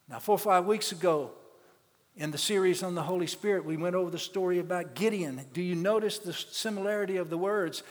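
A pastor preaching a sermon, telling a story and rousing the congregation to repeat after him. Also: male voice, sits high, a little fast. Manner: storytelling, building to call-and-response shouts. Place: church sanctuary. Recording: long church reverb.

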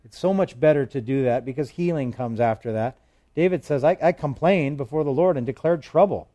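Guy preaching a bible study, warm mellow tone, chatty, leans into the verses. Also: medium pitch, fairly quick. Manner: conversational, reads scripture aloud with emphasis, light humor. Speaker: pastor. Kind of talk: expository Bible teaching.

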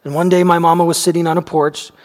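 An elderly farm woman tells a childhood memory in a gentle, homely way, as a preacher reads her words aloud. The voice sits rather high, and a long hall reverb trails after each phrase. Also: flat delivery, quick pace, natural voice. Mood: tender recollection.

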